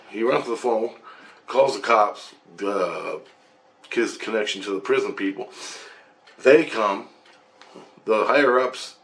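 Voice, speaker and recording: Low-voiced man excitedly rambling through a dream story. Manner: rambling and excitable, swearing freely. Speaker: vlogger.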